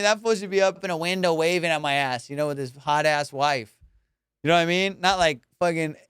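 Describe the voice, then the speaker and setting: A man's voice: fairly high pitch, fairly quick, a bit bright, smooth, no echo. A man hosting a comedy podcast, rambling casually, swearing a lot and laughing often. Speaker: podcast host.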